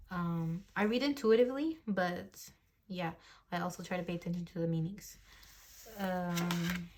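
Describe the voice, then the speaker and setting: A young woman in her early twenties, giving a relaxed tarot reading into her phone at a desk. Her voice sits a little low for a woman, and she talks in a meandering, chatty way, thinking aloud between cards. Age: early 20s. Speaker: tarot reader. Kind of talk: casual tarot reading to camera. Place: home desk. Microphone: phone mic.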